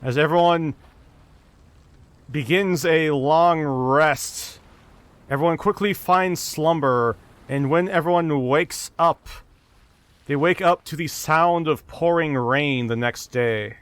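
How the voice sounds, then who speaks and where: Clear-voiced man running a tabletop game. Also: fairly high pitch, slow, dry recording. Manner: steady storytelling with small restarts. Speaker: dungeon master.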